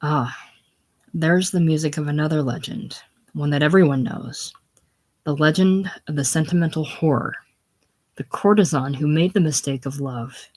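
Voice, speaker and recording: A woman's voice: deep voice, moderate pace, a little mellow. A woman reading the lines of a pompous older male hotel proprietor, with grand, declaiming delivery. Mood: grandiose.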